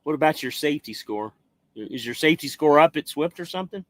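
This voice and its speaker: An American man hosting a trucking live stream. His voice sits a bit high, and he talks in a loose, rambling way with the odd swear. The sound is dry and close. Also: expressive, fast, dry recording. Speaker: trucking livestream host. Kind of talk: casual live-stream chat reading viewer comments.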